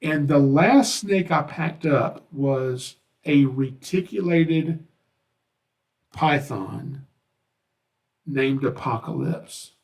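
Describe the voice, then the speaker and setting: A man talks through a podcast episode, his voice sitting a little higher than most men's. He tells stories in a relaxed, folksy way and slips into the voices of the people he quotes. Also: drawn-out words, pauses often. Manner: folksy, acts out quoted dialogue. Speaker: podcast host, snake handler. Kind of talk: casual storytelling monologue.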